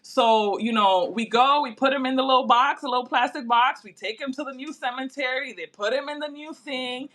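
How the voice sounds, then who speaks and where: A woman telling a personal story in casual chat, animated and full of fillers. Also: high voice, fairly quick, hardly any pauses. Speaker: podcast host.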